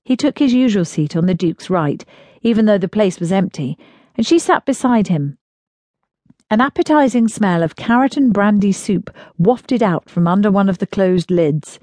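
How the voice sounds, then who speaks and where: A woman narrating an audiobook in a smooth, even storytelling manner, close to the mic. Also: medium pitch, moderate pace, no room sound. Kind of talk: scripted narration of a period romance.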